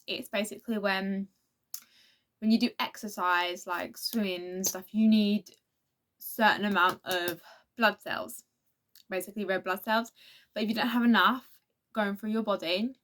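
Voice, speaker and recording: A teenage girl talks through a casual storytime vlog. She rambles, restarts sentences and acts out quotes from others, at an everyday middle pitch. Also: fairly bright tone. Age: teens. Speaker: vlogger.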